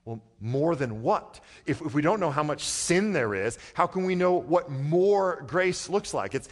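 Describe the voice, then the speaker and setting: A man preaching a sermon as pastor, talking in a conversational way and swinging from quiet, low passages to loud, emphatic ones. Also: expressive, measured pace. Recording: long hall reverb.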